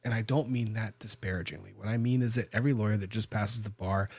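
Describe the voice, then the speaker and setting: A man's voice: lowish voice, fairly even intonation, fast, creaky, a little mellow, husky, dry recording. A man, a lawyer hosting a podcast, telling a story in a casual, conversational way with frequent restarts and self-corrections.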